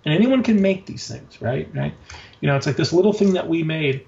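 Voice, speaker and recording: A man talking casually and excitedly in an interview, rambling with many fillers and frequent swearing. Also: a little high, a little fast, vocal fry, dull audio. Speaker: guest, designer and notebook maker.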